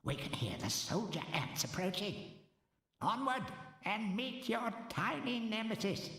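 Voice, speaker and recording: A woman's voice: medium pitch, sing-song, measured pace, a bit bright. An actress voicing a sly, mocking female spirit in a video game, taunting and drawn out. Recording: echoey game audio.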